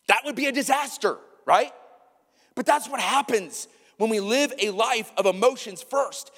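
High-voiced pastor preaching in hall. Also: male voice. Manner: animated storytelling, asks the congregation questions. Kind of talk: sermon. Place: church sanctuary.

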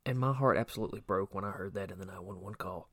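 A man's voice: low-pitched, fast, a bit bright. A man co-hosting a true crime podcast, reading a prepared case summary with occasional personal asides. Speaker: podcast co-host.

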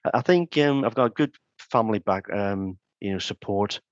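Deep-voiced man, halting. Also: expressive, dry recording. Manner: hesitant, many ums and restarts. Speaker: former crime scene investigator. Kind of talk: casual interview talk. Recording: dull, dry sound.

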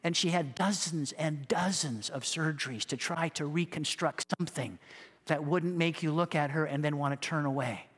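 A man's voice: on the high side, normal speed, fairly bright tone, breathy edge, long reverb tail. A male pastor preaching a fervent sermon, with emphatic repetition and acted-out quotes.

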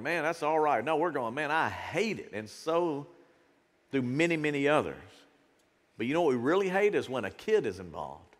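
Middle-aged preacher guy, chatty sermon, pretty high voice, big hall echo. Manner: lively, conversational preaching. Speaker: pastor. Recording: reverberant church hall.

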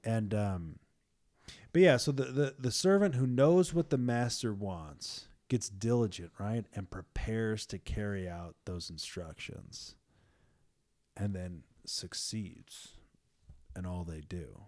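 Earnest low-voiced man talking faith. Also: slow pace. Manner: earnest, emphatic, repeats words when excited. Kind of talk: casual faith conversation.

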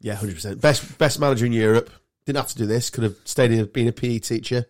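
A man's voice: medium pitch, quick pace, darkish tone. A man hosting a podcast, swearing, mocking and laughing in casual banter. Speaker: podcast host.

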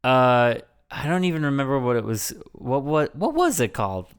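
A man with a smooth, resonant voice co-hosts a casual podcast about a bad movie. He rambles, jokes and laughs easily as he recaps the plot. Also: mid-range voice, big pitch swings, normal speed. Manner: joking, rambling, laughs often. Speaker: podcast co-host. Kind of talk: casual movie-review chat.

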